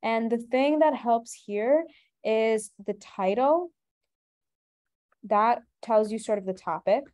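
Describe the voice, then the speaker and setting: A brisk webinar lesson is led by a woman tutor whose mellow, darker voice leans high. She keeps asking rhetorical questions as she guides her students through the explanation step by step.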